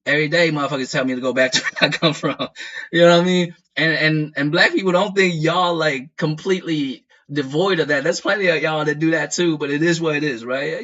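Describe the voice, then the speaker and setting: A man who grew up in the United States, talking casually as a streamer in a profane, animated rant full of laughs. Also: fairly high pitch. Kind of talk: casual chat. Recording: dull lo-fi audio.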